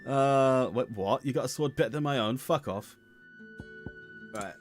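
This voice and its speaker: A man with a British accent that slips toward Cockney, gaming on stream and bantering in a dry, relaxed way. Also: mid-range voice, unhurried, soft background music. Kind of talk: casual chat while gaming.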